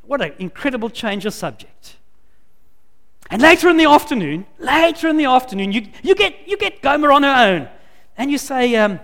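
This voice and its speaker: A man's voice: very high voice, sing-song, normal speed, a bit bright. A man preaching a sermon, telling a story with lots of repeated words. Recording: long hall reverb.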